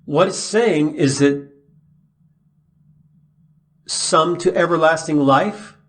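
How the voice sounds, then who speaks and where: A man's voice: on the high side, slow, pauses often. A man teaching the Bible verse by verse, reading passages aloud and then explaining them with questions to the listener.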